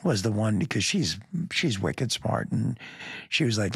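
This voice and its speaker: Middle-aged man, police lieutenant; husky low voice, blunt and emphatic, candid storytelling. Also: lively intonation, unhurried, dry recording, clean studio sound. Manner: emphatic, blunt, frequent "man" and "you know", repeats words.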